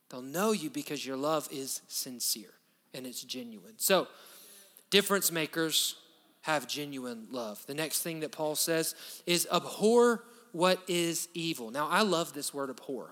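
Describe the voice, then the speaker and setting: A man preaches a sermon in a lively, conversational way, with frequent asides. His voice is high and bright. It carries a long reverb, as in a large church hall. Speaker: pastor.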